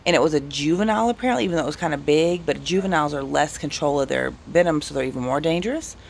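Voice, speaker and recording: A man's voice: on the high side, rapid-fire, vocal fry, a little hiss or hum. A man telling casual, rambling anecdotes on his vlog. He cuts himself off and restarts often. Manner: rambling, self-interrupting, animated anecdotes. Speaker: vlogger. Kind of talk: casual storytelling.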